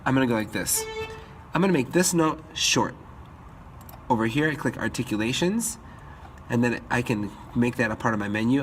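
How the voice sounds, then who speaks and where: A man's voice: medium pitch, a bit bright, slight background noise. A man teaching music composition in a screen-recorded tutorial, upbeat, stopping now and then to scat-sing the melodies.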